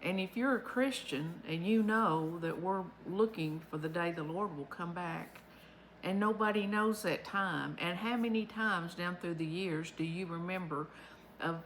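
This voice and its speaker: A woman talks from her home in a lowish voice, chatty and unhurried as she shares a daily devotional. Faint room ambience sits softly behind her. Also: slight background noise, rough recording. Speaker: vlog host. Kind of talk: casual devotional talk.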